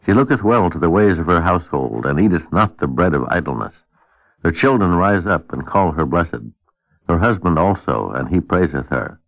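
A man hosting a radio discussion, reading a scripture passage in a measured, old-fashioned cadence on a dull old radio recording. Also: very deep voice, creaky, dry recording.

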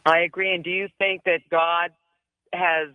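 A man with a smooth, fairly high voice speaks over a thin phone line to a radio host. He sounds earnest and asks probing questions. The line is dry and close. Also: level tone, unhurried, no room sound. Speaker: caller. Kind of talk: chat on a radio call-in show.

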